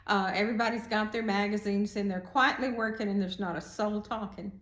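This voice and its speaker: A middle-aged woman telling a personal story as a prison art teacher, animated, raising her voice when she acts out what people said. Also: fairly quick. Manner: animated, acts out quotes with raised pitch. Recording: echoey room.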